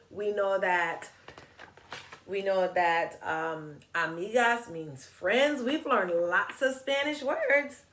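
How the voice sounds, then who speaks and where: A woman's voice: fairly low pitch, a bit bright, reverberant. A woman reading a picture book aloud to children, patiently teaching words and hand signs as she goes. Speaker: children's story reader and teacher.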